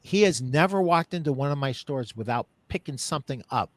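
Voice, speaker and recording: Man, podcast host, casual storytelling, animated, dry close sound. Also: mid-range voice, fairly quick, dry recording. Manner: animated, laughs while telling stories.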